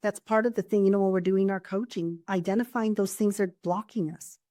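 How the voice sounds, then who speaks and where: Woman, therapist, casual podcast chat, earnest storytelling, mellow tone, dry sound. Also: medium pitch, steady tone, brisk, no room sound. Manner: earnest storytelling, warm anecdotes. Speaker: coach and therapist.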